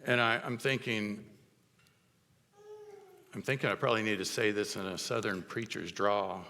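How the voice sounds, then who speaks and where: A middle-aged man preaching a sermon as pastor, telling stories in a conversational way with halting restarts. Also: lowish voice, fairly even intonation, creaky, sharp tone, long reverb tail, a little hiss or hum. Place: church sanctuary.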